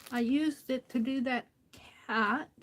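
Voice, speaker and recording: A woman chats slowly to herself while making crafts, her slightly high voice often sinking to a soft murmur. A faint hiss of noise sits behind her. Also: rough recording. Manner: slow, muttering to herself, drops to soft near-whispers. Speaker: craft livestream host. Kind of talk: casual craft talk while working.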